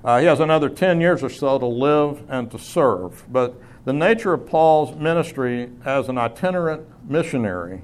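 A man's voice: medium pitch, lively intonation, normal speed, a little mellow. Man preaching in a chatty teaching tone. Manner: conversational teaching with asides and self-corrections. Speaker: pastor. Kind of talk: sermon.

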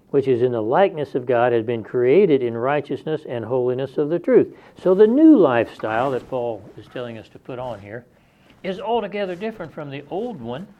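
A man preaching an expository sermon, reading scripture aloud and explaining it in a conversational, plain-spoken way. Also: medium pitch. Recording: dull lo-fi sermon recording.

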